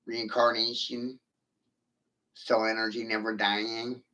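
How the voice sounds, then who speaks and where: A man's voice: on the low side, flat delivery, takes it slowly, sharp tone. A man ranting on a livestream, profane and provocative, firing rhetorical questions at his viewers. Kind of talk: rambling livestream rant.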